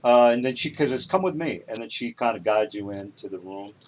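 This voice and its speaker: A man running a tabletop role-playing game for his players, talking casually with many pauses and fillers. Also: fairly low pitch, fairly even intonation, a little mellow. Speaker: game master.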